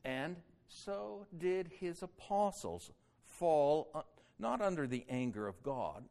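A man preaching a sermon that explains a Bible passage verse by verse, rising loud on quoted cries and dropping low and slow on solemn points. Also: sing-song, gravelly. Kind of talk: expository sermon.

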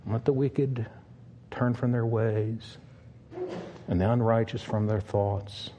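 An older man, a pastor, preaching an earnest sermon with long pauses and a pleading tone. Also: lowish voice, steady tone, dark tone, highs cut off, a little hiss or hum.

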